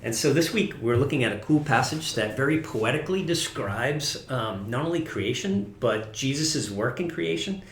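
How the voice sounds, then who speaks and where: A man's voice: medium pitch, animated, moderate pace, few pauses, roomy sound, slight background noise. A man preaching a casual, conversational sermon as pastor, often correcting himself and laughing at his own slips.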